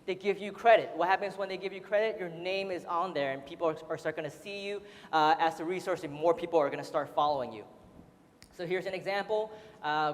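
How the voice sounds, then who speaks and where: A man giving a casual, chatty seminar talk to an audience, laughing often and full of fillers. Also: high voice. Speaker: seminar speaker. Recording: roomy hall reverb.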